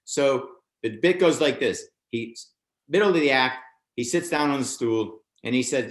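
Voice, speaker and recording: A man's voice: mid-range voice, moderate pace, echoey room. An older man, a stand-up comedian, telling a show-business anecdote in a casual interview and acting out other people's lines in a raised voice.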